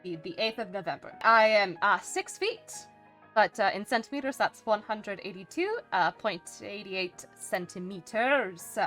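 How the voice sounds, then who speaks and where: A woman's voice: mid-range voice, lively intonation, measured pace, a bit bright, soft background music. A woman streaming in character, chatting casually in a rambling, hesitant way with lots of fillers and restarts, and a dry, playfully smug humor. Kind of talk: casual live-stream chat.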